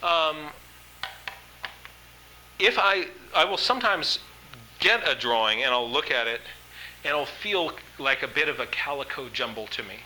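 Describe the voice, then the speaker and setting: Bright-voiced male art instructor lecturing. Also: a little high, animated, a little slow, long pauses, slight background noise, low-quality recording. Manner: enthusiastic, conversational, with frequent fillers. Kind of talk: workshop lecture.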